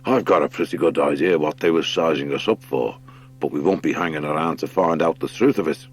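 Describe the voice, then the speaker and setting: A man voicing an old male boxing hare who gives brisk orders in a storybook reading. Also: rumbling low, husky.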